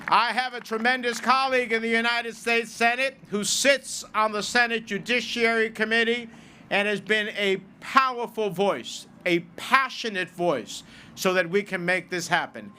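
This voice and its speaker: Mężczyzna, senator, przemawiający na wiecu. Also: male voice, sits high, pushed and bright, a little hiss or hum. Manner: earnest, measured speaking in Spanish and English. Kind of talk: rally speech. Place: outdoors at a rally.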